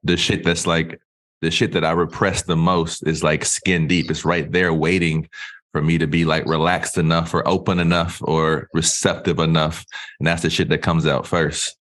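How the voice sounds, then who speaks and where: A man's voice: very deep voice, flat delivery, normal speed, a bit bright. A man co-hosting a podcast, talking in a rambling casual way with many restarts. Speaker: podcast co-host. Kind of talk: casual chat.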